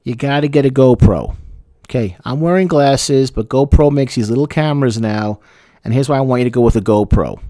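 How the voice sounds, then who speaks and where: A man's voice: mid-range voice, brisk, mellow, no room sound. A male therapist giving frank, sarcastic relationship advice and repeating words for emphasis. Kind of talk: advice talk to camera.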